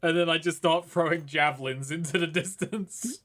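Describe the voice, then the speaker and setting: A man at a tabletop game who makes dry, joking asides. His voice sits somewhat high for a man. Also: normal speed, a bit bright. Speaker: player. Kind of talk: casual tabletop game play.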